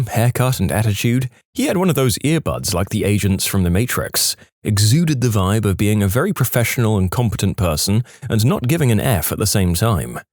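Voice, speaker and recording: A man reading reddit stories aloud, telling them with lively storytelling and brief put-on voices for quotes. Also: fairly low pitch, dry recording, clean studio sound. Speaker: story narrator.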